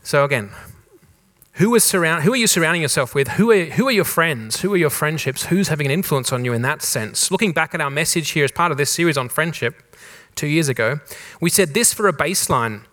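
A pastor from Australia preaching a conversational sermon, with a mild Australian accent softened toward neutral English, repeating rhetorical questions and restarting phrases. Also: male voice, a little high, animated, brisk. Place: church in Germany.

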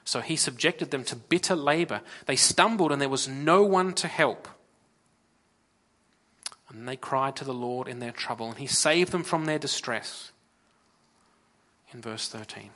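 An Australian man delivers a sermon with a bright, forward voice. He is earnest, rising to firm emphasis and then dropping to hushed lows, pausing and restarting as he speaks from notes. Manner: earnest, swings from loud emphasis to near-whispered lows. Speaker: preacher.

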